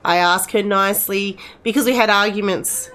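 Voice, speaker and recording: A woman's voice: medium pitch, fairly even intonation, normal speed, a bit bright. A middle-aged woman commenting casually on a game, chatty and rambling, speaking to the characters as if they were friends. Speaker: gamer playing and commenting.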